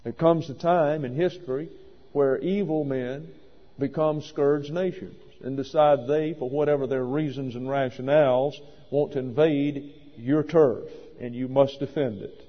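A man's voice: mid-range voice, fairly even intonation, a little slow. A man preaching a sermon in an emphatic, wry manner, sometimes stopping to correct himself. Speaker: pastor. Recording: lo-fi recording in a reverberant hall.

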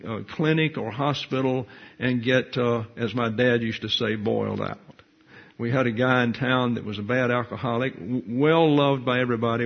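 Older man teaching, husky voice. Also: mid-range voice. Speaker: pastor. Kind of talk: Bible study teaching. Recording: muffled lo-fi recording.

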